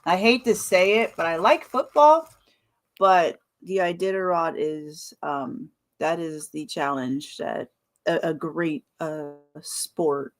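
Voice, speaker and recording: Chatty woman host laughing easily. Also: on the low side. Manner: chatty, quick backchannels and frequent laughter. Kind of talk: casual podcast chat.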